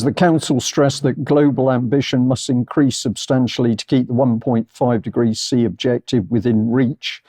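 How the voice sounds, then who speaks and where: A man hosting a news discussion show, introducing his guest in a measured way. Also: medium pitch, dark tone.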